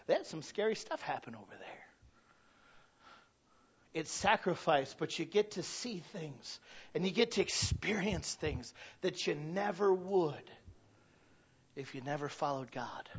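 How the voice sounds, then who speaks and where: A middle-aged Michigan pastor delivers a sermon in a high, breathy-edged voice, animated and unhurried with frequent pauses. He speaks conversationally to the congregation, slipping into quiet asides before rising to loud, emphatic peaks, on a dull, lo-fi recording.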